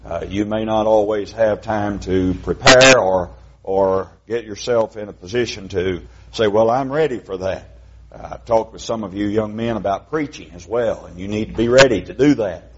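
A man's voice: on the low side, normal speed, lo-fi sound. A man preaching a sermon in a folksy, conversational way, with frequent fillers.

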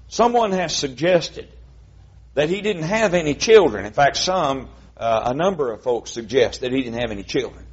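A man's voice: a little high, dull audio. A man preaching a sermon in a folksy, conversational way, with frequent fillers.

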